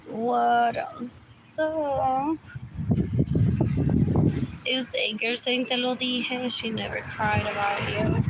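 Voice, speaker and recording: A woman with a high voice rambles unhurriedly through a live stream on her phone, circling back to the same questions and drifting between English and Spanish. Loud traffic and passing vehicles fill the background. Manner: meandering, repeats herself, switches between English and Spanish. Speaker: livestreamer.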